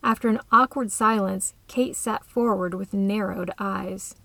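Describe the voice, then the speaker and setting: A woman reading a story aloud in a calm, even way. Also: medium pitch, unhurried, vocal fry, few pauses, no echo. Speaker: narrator. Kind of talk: scripted story narration.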